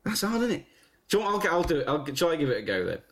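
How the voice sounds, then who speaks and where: A high-pitched man chatting in a comedy podcast, his voice leaping around constantly. He is loud and silly, swearing and laughing as he tries out celebrity impressions. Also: big pitch swings, very fast. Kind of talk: casual comedy chat, trading celebrity impressions.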